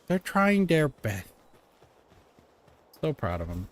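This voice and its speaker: Lively-voiced male game streamer. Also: a little high, slow. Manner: chatty, talks to himself and to the creatures. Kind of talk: casual gaming livestream.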